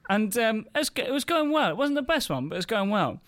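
Brief: English male comic, podcast co-host, lively anecdote teller, slightly high voice, laughs as he talks. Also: fast. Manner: animated storyteller, laughs through his stories, swears freely. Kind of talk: casual anecdote-telling chat.

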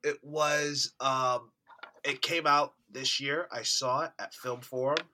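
A man's voice: mid-range voice, steady tone, slow pace, sharp tone, a little hiss or hum. A young man co-hosting a podcast in casual chat, upbeat and chatty. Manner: upbeat, chatty, laughs easily. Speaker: podcast co-host.

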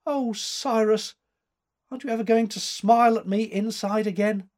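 A man's voice: fairly high pitch, lively intonation, slow, mellow. A man reading aloud voices a distressed young woman who stammers and trembles. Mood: pleading.

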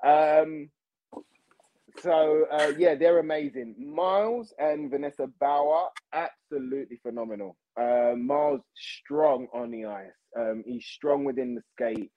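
A man chatting as a podcast guest, animated and repeating himself, calling people mate and bro. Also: fairly high pitch, unhurried, muffled recording. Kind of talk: casual chat.

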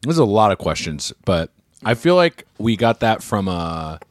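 A man's voice: lowish voice, sing-song, a little slow, dry recording, studio quality. A man co-hosting a casual remote podcast, reading listener emails aloud and joking around. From Los Angeles area. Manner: jokey, reads emails aloud with bursts of laughter.

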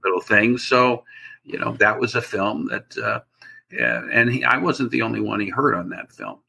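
A man, an actor guest on an interview show, telling a rambling, animated anecdote in casual chat. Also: fairly low pitch, moderate pace, vocal fry, a little hiss or hum.

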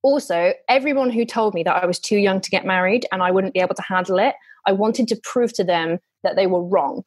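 A young woman in her twenties talks openly as a podcast guest. Her story spills out frankly, with quick asides and restarts. Her middle-pitched voice is heard close and dry. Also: no room sound. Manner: frank, tumbling, acts out quotes. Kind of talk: candid personal storytelling.

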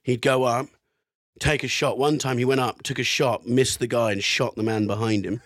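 A man's voice: mid-range voice, fairly even intonation, normal speed, no echo, clean studio sound. A man co-hosting a casual podcast, reading out an odd history story with amused, swearing asides. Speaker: podcast co-host.

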